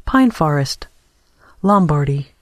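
A narrator reading a story aloud in an even, unhurried way. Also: mid-range voice, no echo. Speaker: audiobook narrator. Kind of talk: scripted narration.

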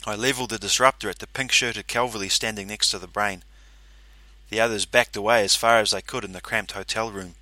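A man's voice: on the low side, steady tone, brisk, bright, forceful tone, dry recording. A man reading a first-person story aloud, in a dry, matter-of-fact narrating manner.

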